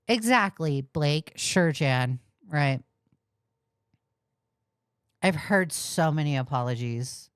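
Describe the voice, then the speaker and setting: Slow, low-voiced sarcastic woman. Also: expressive, clean tone, no room sound, clean studio sound. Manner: sarcastic, exasperated. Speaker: commentary YouTuber. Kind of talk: reaction commentary.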